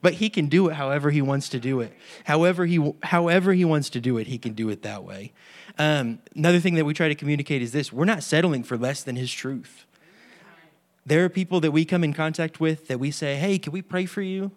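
A man's voice: on the high side, brisk. A man giving an informal sermon-style teaching on healing prayer, earnest and conversational, acting out the voices of people in his stories. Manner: earnest, acts out quoted voices. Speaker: healing ministry leader.

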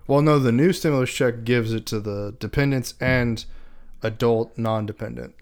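A man chatting on a podcast in a smooth, resonant voice at an ordinary middle pitch. He hesitates often and restarts his sentences, filling the gaps with ums as he works through an explanation. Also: normal speed, a little mellow. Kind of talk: casual chat.

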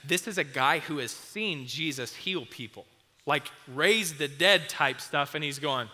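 Youth pastor guy preaching, chatty and casual, bright sharp voice, echoey hall. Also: fairly high pitch, big pitch swings, a little slow. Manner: chatty and conversational, acts out scenes.

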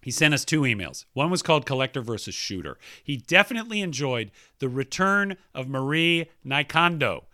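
Animated man reading listener mail. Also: mid-range voice, normal speed, hardly any pauses, dry recording, clean studio sound. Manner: animated, laughs often, playful. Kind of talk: casual chat.

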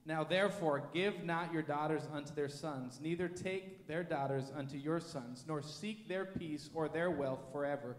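A man reading scripture aloud in a church with a steady, measured delivery. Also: a little high, a little hiss or hum. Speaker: scripture reader. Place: church sanctuary. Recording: echoey church hall with long reverb.

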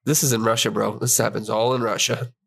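A man co-hosting a comedy podcast, improvising a silly movie pitch with deadpan answers that keep escalating. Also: brisk, vocal fry, breathy edge. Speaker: podcast co-host.

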